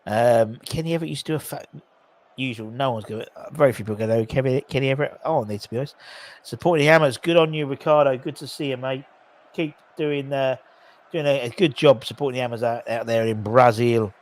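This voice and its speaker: A man's voice: medium pitch, fast talker. A man hosting a live football watchalong, calling the play casually, joking and bantering with viewers in the chat. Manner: chatty, jokey, banter with viewers. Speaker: host of a live match watchalong.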